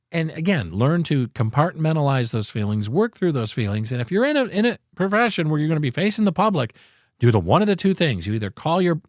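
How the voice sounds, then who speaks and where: A man's voice: fairly high pitch, no room sound, clean studio sound. A man hosting a casual solo podcast, speaking emphatically and in a preachy way into a podcast microphone. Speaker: podcast host.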